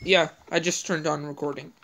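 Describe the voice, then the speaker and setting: A woman's voice: sits low, fairly even intonation, normal speed, creaky, fairly bright tone. A woman hosting a gameplay video, thinking aloud in casual, rambling commentary as she plays.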